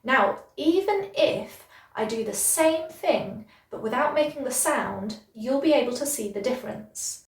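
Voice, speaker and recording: A British woman teaching English pronunciation, speaking slowly and clearly and drawing out example words in an encouraging way. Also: high-pitched, expressive, reverberant, far from the mic. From Britain. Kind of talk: pronunciation lesson.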